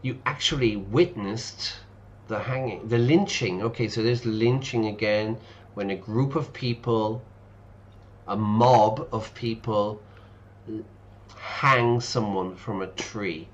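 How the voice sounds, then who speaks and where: A man's voice: fairly low pitch, slow, muffled recording. Chatty man explaining while playing. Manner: chatty, explains words and reads game text aloud. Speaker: English teacher streaming a game. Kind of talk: casual let's-play commentary.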